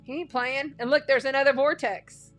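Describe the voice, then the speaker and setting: A woman's voice: high voice, steady tone, moderate pace, a bit bright, faint music behind. A woman giving a casual spiritual tarot and astrology reading, chatty and folksy, repeating phrases for emphasis.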